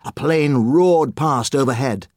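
A man reading a children's story aloud as an audiobook narrator, with lively, expressive storytelling. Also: medium pitch, slow pace, no room sound, studio quality.

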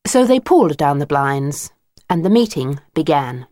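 A woman narrating a children's storybook, expressive and unhurried. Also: low-pitched, no room sound, clean studio sound.

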